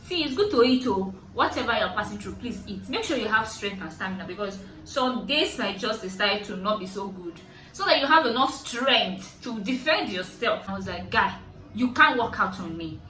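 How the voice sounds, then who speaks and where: A young adult Nigerian woman with a Nigerian accent, vlogging, telling a story with lively, high-pitched outbursts when she quotes people. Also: moderate pace, recorded from a distance. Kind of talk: animated storytelling. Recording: echoey room, voice set back from mic.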